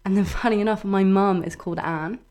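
A woman's voice: mid-range voice, fairly even intonation, a little fast, darkish tone. A young woman co-hosting a radio show in casual chat, talkative and giggly, with lots of "like". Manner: chatty and giggly, full of "like".

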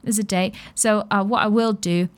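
A young woman hosts a relaxed radio hour, rambling cheerfully between songs. Her delivery is playful and chatty, and her voice sits at an ordinary pitch for a woman. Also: moderate pace. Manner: chatty and playful, with light laughs. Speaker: radio show host. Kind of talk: casual radio chat.

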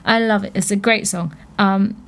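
A woman's voice: mid-range voice, steady tone, moderate pace, a bit bright, a little hiss or hum. Woman, British, radio host, casual science chat, amused, rambling. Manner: chatty, amused, many fillers and restarts.

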